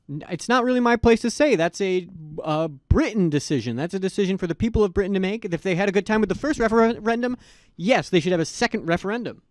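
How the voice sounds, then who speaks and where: This is a man dodging a question in a mock debate, rambling politely while avoiding an answer. His voice is high for a man and he talks fast. The recording is close and dry. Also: no room sound. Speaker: speech contestant.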